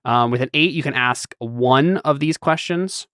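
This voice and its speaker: A man's voice: mid-range voice, a little slow, a bit bright, clean tone, no room sound, studio quality. Resonant-voiced man running a tabletop game. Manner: hesitant, full of ums and restarts. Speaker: game master.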